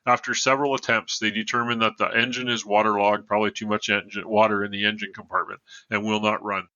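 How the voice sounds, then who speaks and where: A man's voice: lowish voice, little pitch movement, fast talker, bright, forceful tone, no room sound, muffled recording. A man telling a true story as a podcast guest, reading from notes and adding casual asides.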